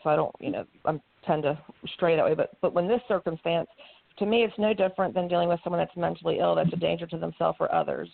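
A woman advocate speaks with a gravelly edge, often restarting her sentences. Her voice is close and dry, with no room sound. It comes through thin and tinny, as if over a phone. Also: on the low side, no echo. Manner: quick, with frequent restarts. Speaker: addiction support advocate. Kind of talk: talk show discussion.

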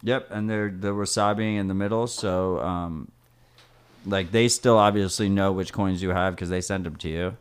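Male podcast co-host, low voice, casual explainer, conversational. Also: fairly even intonation, moderate pace, clear, resonant tone. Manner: chatty, explains with "like" and "right?". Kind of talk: casual chat.

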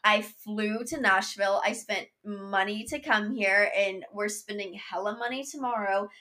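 A woman's voice: mid-range voice, fairly even intonation, a little slow, sharp tone. A young woman co-hosting a podcast, talking bluntly in casual chat and laughing often. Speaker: podcast co-host.

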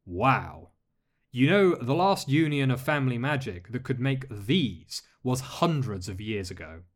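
A man voicing a masked male lord who speaks in a measured, polite way with dry humor. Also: mid-range voice, very animated. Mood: calm. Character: masked male dark lord, calm, courteous, wry.

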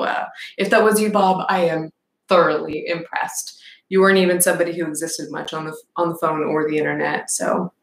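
A young adult woman hosting a casual podcast livestream, chatting in a rambling way and reading out viewer comments. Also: on the low side. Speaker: podcast host. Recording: echoey room with faint background noise.

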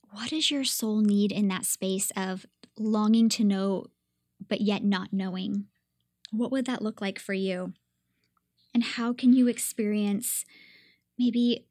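A woman in her thirties hosting a devotional podcast, speaking earnestly and gently as she invites listeners to reflect. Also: mid-range voice, no echo, clean studio sound. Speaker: podcast host.

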